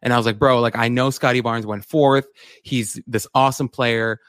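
A man co-hosting a sports podcast, talking in an excitable, rambling way with lots of "like" and "bro". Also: mid-range voice, normal speed, smooth, no room sound, clean studio sound. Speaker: podcast co-host. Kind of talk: casual sports podcast chat.

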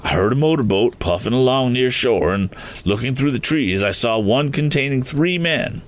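Man doing a flustered eccentric gentleman. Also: medium pitch, animated, moderate pace, pitched above the performer's own voice, close to an everyday voice. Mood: rambling. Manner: flustered, rambling, keeps exclaiming oaths. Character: fussy excitable eccentric gentleman motorist.

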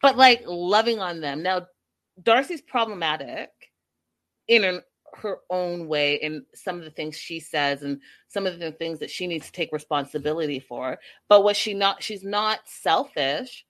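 A woman hosting a casual live stream, recapping a reality show in an animated, emphatic, sassy way. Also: on the low side, unhurried. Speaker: livestream host recapping reality TV.

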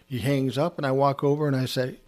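A man's voice: medium pitch, level tone, brisk, a little mellow. A man telling a casual anecdote from his time as a music producer, acting out the dialogue and swearing freely. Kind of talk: casual spoken storytelling.

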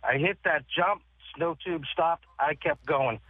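A man's voice: on the high side, unhurried, no echo. A male caller telling a story in a plain way. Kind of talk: phone-in story. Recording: tinny phone line.

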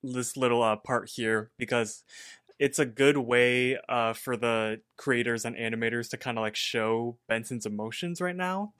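Bright-voiced young man telling stories. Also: mid-range voice, moderate pace, smooth, no echo, studio quality. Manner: animated storytelling, laughs often. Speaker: podcast co-host. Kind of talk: casual chat.

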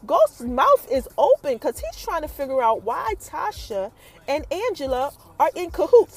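A high-voiced woman recaps a show episode for her viewers in a chatty, animated way, calling out to them again and again. Faint music plays underneath. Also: measured pace. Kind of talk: casual spoken recap addressed to viewers.

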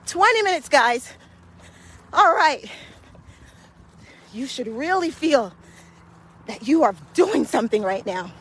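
A high-pitched woman leads a hill walking workout outdoors, out of breath as she climbs. She speaks slowly and keeps cheering her listeners on, motivating them to keep going. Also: sing-song, a bit bright, breathy edge. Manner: encouraging, motivating. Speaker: fitness coach. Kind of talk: guided walking workout podcast.

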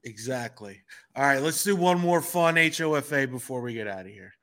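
A man's voice: mid-range voice, lively intonation, brisk, noisy background. A man co-hosting a podcast in casual chat, joking and self-deprecating. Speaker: podcast co-host.

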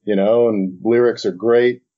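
A man's voice: lowish voice, fairly even intonation, measured pace. A middle-aged man, an animation director, telling an interview anecdote and acting out both sides of old conversations. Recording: dull lo-fi recording.

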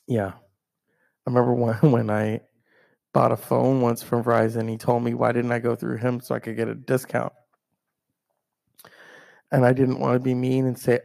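A man's voice: mid-range voice, normal speed, vocal fry, long pauses. A man telling heated personal stories in a profane rant, acting out other people's lines as a solo podcaster. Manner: animated storyteller who acts out others' lines. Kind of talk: ranting personal storytelling monologue.

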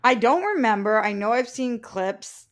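A woman co-hosting a casual podcast chat, blunt and animated, swearing freely. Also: a little high, moderate pace. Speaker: co-host.

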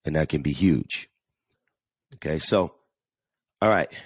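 A man's voice: rumbling low, slow pace, slightly rough, dry recording, studio quality. A man with a New York–New Jersey accent hosting a casual solo podcast, chatty and earnest, often restarting and repeating words. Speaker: podcast host.

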